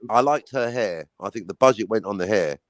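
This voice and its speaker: A man's voice: on the low side, brisk, no echo. A man co-hosting a casual movie-review podcast, full of wisecracks.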